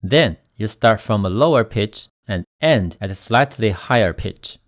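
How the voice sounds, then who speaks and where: A man teaching Chinese pronunciation in a scripted lesson, slowly demonstrating tones with stressed example words. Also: fairly low pitch, lively intonation. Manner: slow, deliberate, demonstrating tones with stressed syllables.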